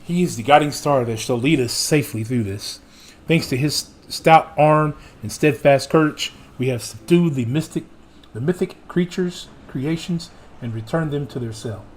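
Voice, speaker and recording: A gaming streamer with a voice on the high side and a moderate pace reads cutscene dialogue aloud theatrically. Between lines he makes playful jokes to his chat.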